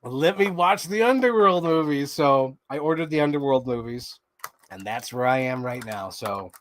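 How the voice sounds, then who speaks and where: A man hosting a show, excitedly rambling through a movie recap in casual chat, swearing freely. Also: mid-range voice, normal speed, a little hiss or hum. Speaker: show host.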